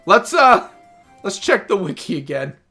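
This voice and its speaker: Hoarse streamer, casual rambling game chatter, bright tone, faint music under. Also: medium pitch, big pitch swings. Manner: rambling, self-mocking, quick asides. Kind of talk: casual game livestream talk.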